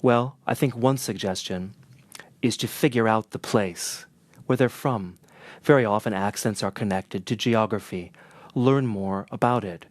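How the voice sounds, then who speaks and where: Northern American man, measured and earnest. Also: fairly low pitch, no echo. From northern United States. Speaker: interpreter and teacher. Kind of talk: scripted lesson to camera.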